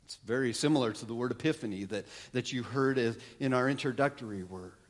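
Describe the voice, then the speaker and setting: A man preaching a sermon as pastor, lively with wry asides and frequent restarts. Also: mid-range voice, quick pace. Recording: long reverb of a large hall.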